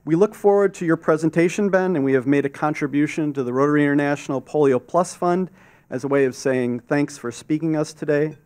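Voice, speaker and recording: A man's voice: a little high, a little fast, a little mellow. A man introducing a guest speaker at a club meeting and reading the announcements plainly. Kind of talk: formal introduction. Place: meeting hall with an audience. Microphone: podium microphone.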